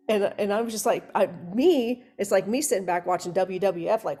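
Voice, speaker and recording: Woman co-host, rambling, animated storyteller, faint music underneath. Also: mid-range voice, a little fast, hardly any pauses. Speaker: hypnosis practitioner and co-host. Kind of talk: candid chat.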